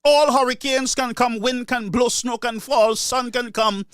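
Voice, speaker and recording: This solo commentator, a man with a Caribbean English accent, rants with indignation and repeats himself as he gives his political opinions. His very high-pitched voice keeps fairly even intonation at a measured pace, with a clean, fairly bright tone and echo-free studio sound.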